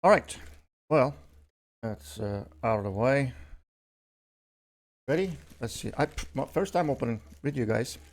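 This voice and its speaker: The speaker is an older man doing casual unboxing commentary, unhurried and lively in intonation, with long pauses in his mid-range voice. He chats and rambles, using lots of fillers and self-corrections.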